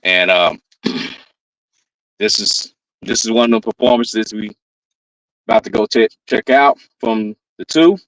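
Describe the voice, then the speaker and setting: A man hosting a battle rap recap in relaxed, casual commentary, repeating punchlines back. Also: lowish voice, slow pace, pauses often, no echo, poor audio.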